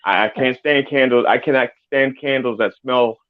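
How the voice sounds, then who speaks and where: A man co-hosting a casual talk show, telling a story with halting, stammering starts. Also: medium pitch, phone-quality sound. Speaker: podcast co-host.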